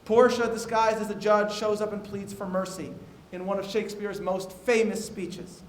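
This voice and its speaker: High-voiced male moderator in an echoey hall. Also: fairly even intonation, moderate pace. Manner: reads quotes aloud with frequent "uh" fillers. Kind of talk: moderated discussion, reading prepared remarks. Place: university auditorium. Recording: echoey hall with faint noise.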